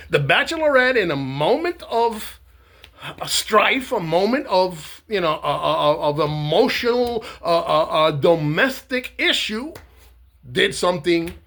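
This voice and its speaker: A man with a gravelly, husky voice talks slowly to camera in a sarcastic monologue. His pitch rises and falls a lot, and he pads his sentences with many filler sounds. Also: fairly bright tone. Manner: rambling, lots of uh and um, sarcastic. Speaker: commentator.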